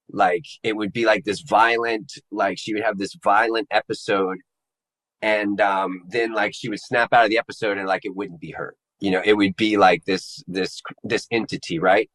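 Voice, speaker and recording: A man telling his personal story to an interviewer in a casual, halting way, searching for the right words. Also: fairly low pitch, fairly bright tone, poor audio. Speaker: interview guest. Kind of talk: personal testimony in casual conversation.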